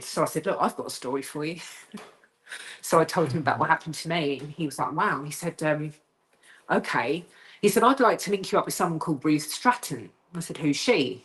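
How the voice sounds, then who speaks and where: Animated woman telling a ghost story. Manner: lively storyteller who acts out quoted voices, rising high when frightened. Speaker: guest telling a haunting story.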